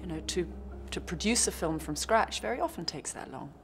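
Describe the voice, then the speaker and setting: A woman's voice: on the low side, lively intonation, a little fast, loud music behind the voice. A woman actress answering interview questions in a reflective way, often restarting her sentences and adding playful asides.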